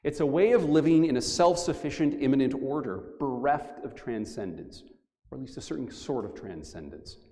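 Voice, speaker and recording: A middle-aged man giving a formal academic lecture in measured, emphatic phrases with deliberate pauses. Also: medium pitch, warm tone, long reverb tail. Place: large church.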